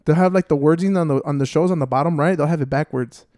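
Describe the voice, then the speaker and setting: A man's voice: a little high, fast talker, darkish tone, no room sound, studio quality. A young man on a podcast chatting casually and trying to keep the conversation on track. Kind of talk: casual chat.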